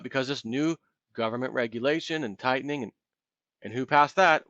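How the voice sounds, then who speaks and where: A commentary video host launches into a heated, impassioned solo rant, occasionally mimicking imagined callers. His mid-range, slightly bright voice moves fairly quickly, and the sound is dry and close with no room, a little dull and muffled.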